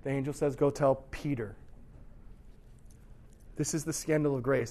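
Preaching to the youth group he pastors, a young adult man alternates hushed, low moments with loud, intense bursts, repeating quoted thoughts to act them out. He speaks at a normal speed with fairly even intonation and leaves long pauses.

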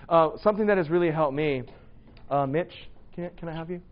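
A man's voice: a little high, a little fast, muffled recording. A man preaching in a church, casual and self-deprecating, talking to his congregation. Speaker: pastor. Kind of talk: sermon. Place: church hall.

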